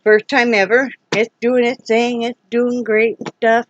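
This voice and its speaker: A woman's voice: a little high, level tone, a little slow, dull audio, a little hiss or hum. Chatty woman vlogging from home. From Iowa. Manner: chatty, rambling, scolds her dogs. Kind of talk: casual chat to camera.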